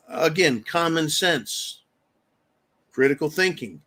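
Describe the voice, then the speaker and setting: This talk show host speaks at a normal speed in a slightly high, fairly bright voice. He rambles, stresses his points hard, voices strong opinions, and mimics people mockingly when quoting them.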